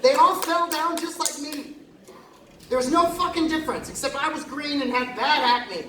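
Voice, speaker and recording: A man's voice: very high voice, normal speed, background noise. A man on a concert stage telling a personal story in a loose, profane, self-mocking way. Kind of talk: live storytelling monologue. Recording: echoey live hall, distant mic, crowd.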